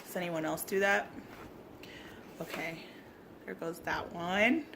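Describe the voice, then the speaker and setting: A woman vlogging a casual craft tutorial, gushing and bubbly, at times dropping to soft whispers. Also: on the low side, slow pace, slight background noise.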